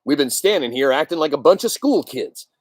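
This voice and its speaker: A firm, no-nonsense leader of a hunting party , read by a man doing the voices. He speaks with plain authority and gives clear orders. The delivery is close and dry. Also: on the high side, expressive, fairly quick, dry recording. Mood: stern. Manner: firm, commanding. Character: stern grown man taking command.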